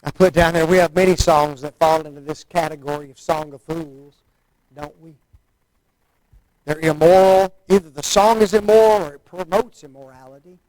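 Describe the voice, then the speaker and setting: A man's voice: a little high, fairly even intonation, moderate pace, a little mellow, no echo, poor audio. A man preaching a sermon in a folksy, conversational way, often asking the listeners rhetorical questions.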